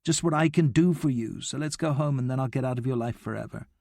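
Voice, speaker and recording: A man voicing an angry, upset young boy who shouts and pleads with his friend in an audiobook. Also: medium pitch, fast, vocal fry, dry recording, clean studio sound, close to an everyday voice. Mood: bitter.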